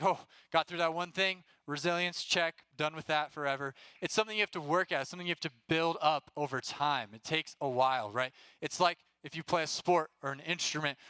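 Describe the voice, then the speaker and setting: A young man speaking as a youth pastor, giving a casual, animated talk to students. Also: a little high, clear, resonant tone, dry recording.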